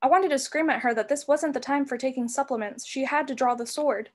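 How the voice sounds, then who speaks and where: A woman reading a novel aloud as narrator, with expressive storybook delivery. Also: high-pitched, a little fast. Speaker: reader.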